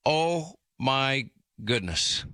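A man's voice: mid-range voice, big pitch swings, extremely slow, sharp tone, clear, resonant tone, no echo, clean studio sound. A man with a New York accent hosting a talk radio show, teasing his co-host in casual banter. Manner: teasing, playful. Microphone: studio microphone.

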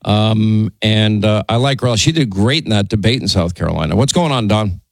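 A man hosting a call-in radio talk show, talking quickly and stumbling over restarts. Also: fairly low pitch, vocal fry, no echo. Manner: rapid, self-interrupting, stammering restarts.

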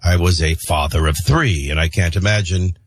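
Husky low-voiced male radio host. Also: dry recording, clean studio sound. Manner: opinionated, conversational, sarcastic asides; frequent filler pauses. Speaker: radio talk show host. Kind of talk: morning talk radio news and commentary. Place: radio studio. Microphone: studio broadcast mic.

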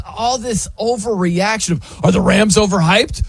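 A man hosting a casual sports debate show, animated and jokey with a husky voice. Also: high voice, unhurried, dry recording. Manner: animated, jokey, mock-incredulous. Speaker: sports talk host.

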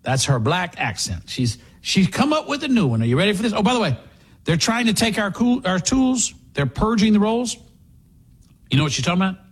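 A high, husky male voice with wide swings in pitch, talking in a mocking, sarcastic tone. He hosts a political commentary show. Each point comes out in a lively, scornful way. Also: a little fast. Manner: mocking, sarcastic, does impressions. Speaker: radio talk show host.

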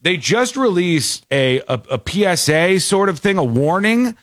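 A man's voice: high-pitched, unhurried, dry recording, clean studio sound. Guy hosting a talk show, rambly, laughs a lot, voice jumps all over. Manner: animated, rambling, laughs often. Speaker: radio show host. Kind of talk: casual talk show banter.

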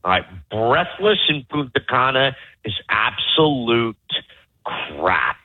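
Over tinny, phone-like call audio, a man with a medium-pitched, slightly rough voice rants angrily and profanely to his podcast co-hosts about the resort where he's vacationing. He speaks slowly but is very animated, delivering an angry ranting review.

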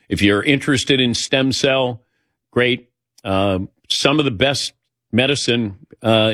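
A middle-aged man with a low voice tells a long personal story on a talk show. He rambles and acts out the quoted dialogue, recorded dry and close to the mic. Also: a bit bright, no room sound.

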